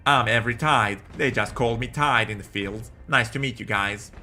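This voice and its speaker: A man's voice: mid-range voice, moderate pace, bright, forceful tone, soft background music. A man reading as a plucky young southern soldier. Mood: earnest. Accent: put-on Southern US. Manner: folksy drawl with homespun sayings. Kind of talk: reading game dialogue aloud.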